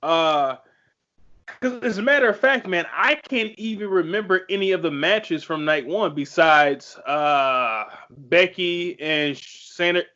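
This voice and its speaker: A man's voice: high voice, takes it slowly, pushed and bright. A man co-hosting a podcast in casual chat, blunt and swearing freely. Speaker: podcast co-host. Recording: dull lo-fi audio.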